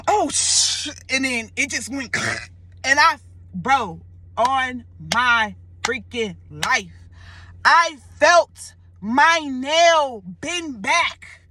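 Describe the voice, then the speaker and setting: A young woman animatedly retelling a wild dream in a casual vlog, swearing and slangy. Her voice sits high and bright. The sound is close and dry. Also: no echo. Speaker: storyteller vlogger.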